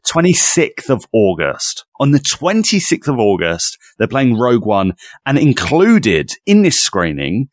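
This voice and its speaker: A young man co-hosting a podcast, chatty and excitable, rushing his words in bursts. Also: medium pitch, no echo, clean studio sound. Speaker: podcast co-host. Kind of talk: casual chat.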